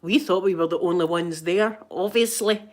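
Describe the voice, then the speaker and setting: A woman's voice: lowish voice, normal speed. A woman with a Scottish accent chatting casually and telling funny stories, giggly and self-mocking, full of local slang. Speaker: ASMR channel host. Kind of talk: casual storytelling chat.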